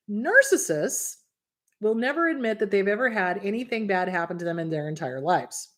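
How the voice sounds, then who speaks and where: A woman therapist speaks straight to her viewers in a casual, emphatic way. Her pitch sits mid-range for a woman. She is blunt and keeps checking in with rhetorical questions. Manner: acts out quoted voices in passing. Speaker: therapist and host. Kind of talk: casual advice talk to viewers.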